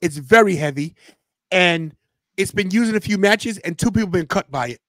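High-voiced man chatting animatedly. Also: normal speed, no room sound. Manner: animated storyteller, quotes friends in a loose slangy way. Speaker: podcast host. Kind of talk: casual watch-party chat.

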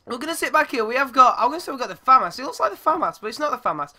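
Young male gamer, high bright voice, swears and yelps, squeaky when excited. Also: racing. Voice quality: goes squeaky when yelling. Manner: excitable, shouts and swears at the game. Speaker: gaming YouTuber. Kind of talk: live gameplay commentary.

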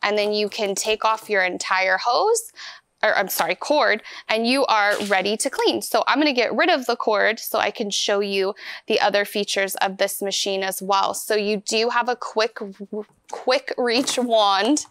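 A woman's voice: mid-range voice, normal speed, a bit bright, no room sound. A woman giving a hands-on product demonstration, explaining each step in an upbeat, chatty way. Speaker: vacuum store product demonstrator.

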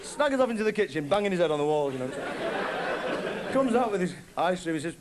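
A man's voice: high voice, big pitch swings, fast. A middle-aged man telling a rambling stand-up story and acting out both sides of awkward chats. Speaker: stand-up comedian. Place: theatre stage before a live audience. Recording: live concert recording, audience noise.

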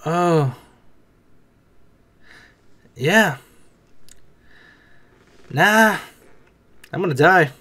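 High-voiced young man reacting casually. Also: animated, slow pace, pauses often, a bit bright. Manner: chatty, talks back at the screen, swears casually. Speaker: reaction video host.

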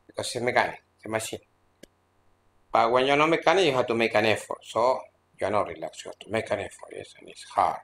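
A man as a spiritual teacher at a seminar, speaking in an earnest, admonishing way, with halting, repetitive phrasing and many restarts. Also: on the low side, fairly bright tone, slight background noise. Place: seminar room at an ashram in India.

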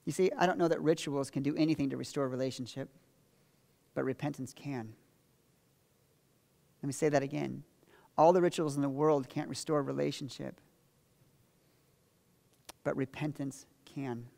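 A man preaching a sermon as pastor, telling a Bible story and moving between emphatic quotes and quiet confession. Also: fairly high pitch, fairly even intonation, fairly quick, gravelly, long pauses. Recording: long reverb of a large hall.

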